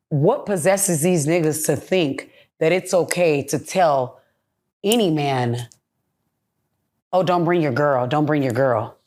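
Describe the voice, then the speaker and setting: A woman's voice: sits low, darkish tone. Blunt, profane young woman venting. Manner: blunt, profane, heated ranting. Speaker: podcast guest. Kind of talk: candid podcast interview.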